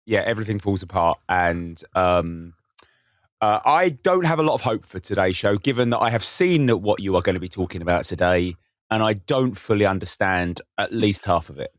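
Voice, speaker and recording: Wry man with a lively voice. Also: low-pitched, normal speed, no echo, clean studio sound. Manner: hesitant, stumbling over words, wry. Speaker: podcast co-host. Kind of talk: casual chat.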